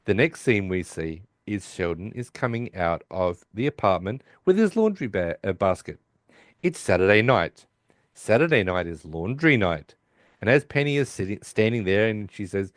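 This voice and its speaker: A man with a lowish, animated voice hosts a podcast at normal speed, recorded in a clean studio with no room sound. He casually recaps a sitcom episode, acting out the characters' lines as he goes.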